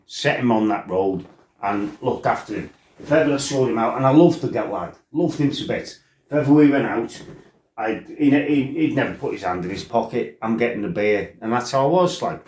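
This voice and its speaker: A man's voice: mid-range voice, normal speed, a little mellow. A middle-aged man, a former kickboxer, telling stories from his life in a blunt, rambling way, full of "you know" and "right?". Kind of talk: casual spoken storytelling. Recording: roomy echo.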